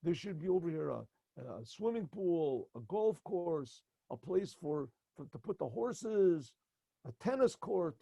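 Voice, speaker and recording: Rabbi, storyteller; fairly high, raspy voice, animated and halting delivery. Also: male voice, no echo. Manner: animated, with many stumbles and repeated words. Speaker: rabbi teaching at a yeshiva.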